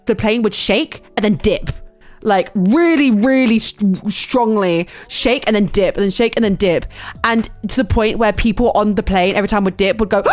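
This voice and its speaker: A young woman streamer recounts a chaotic travel story in casual chat, her mid-range voice animated and full of fillers and restarts.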